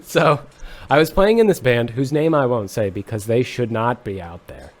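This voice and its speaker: A man who is a musician, a guest on a comedic podcast, telling stories in a deadpan, mock-serious way. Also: mid-range voice, normal speed. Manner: deadpan joking, exaggerated mock-serious bits.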